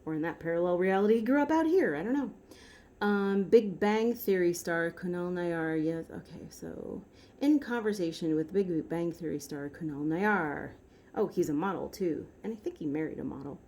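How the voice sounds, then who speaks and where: A woman vlogging in a casual, rambling way, correcting herself mid-sentence and jumping up in pitch when something excites her. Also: normal speed. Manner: rambling, self-correcting, with sudden upward pitch jumps. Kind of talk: casual chatty commentary to camera.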